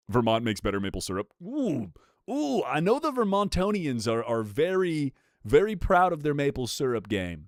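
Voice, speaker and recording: Young dude streaming, jokey and foul-mouthed, voice jumps up and down a lot, dry mic. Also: male voice, a little high, moderate pace, dry recording. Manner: animated, profane, joking banter with chat. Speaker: live streamer reading chat. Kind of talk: casual live-stream chat.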